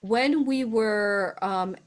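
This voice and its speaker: A woman hosts a casual spiritual livestream at an ordinary mid pitch. She talks in eager, emotional bursts, keeps turning to her viewers, and laughs often as she goes. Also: very slow. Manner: excited and emotional, repeats "you all", laughs often. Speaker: spiritual channel host.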